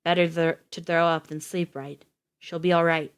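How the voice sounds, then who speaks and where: Woman reads a commanding medic, low and terse, barking orders. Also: little pitch movement, moderate pace, smooth, lightly acted. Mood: dry.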